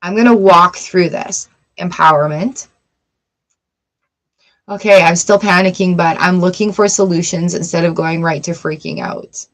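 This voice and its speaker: A woman giving a live-streamed tarot reading, chatty and encouraging, slipping into quick little inner voices to make her points. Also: fairly low pitch, fairly even intonation, rough recording. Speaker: tarot reader.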